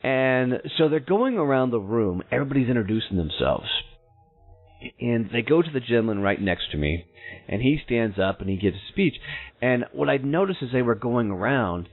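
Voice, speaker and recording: Over soft background music, a podcast host with a mid-range voice and big pitch swings tells a personal story at normal speed, bluntly and saltily mocking himself. The audio has a narrow, phone-like quality.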